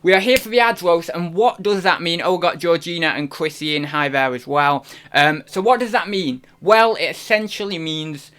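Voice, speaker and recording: A man's voice: on the high side, normal speed, few pauses, a bit bright. A man hosting a live stream, chatting casually in a rambling, self-deprecating way. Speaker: reselling streamer host.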